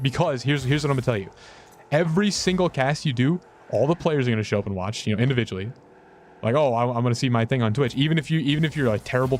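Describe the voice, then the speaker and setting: Rambling young man streaming a game. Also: a little hiss or hum. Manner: rambling, self-mocking, quick pitch swings. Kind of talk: casual gameplay commentary.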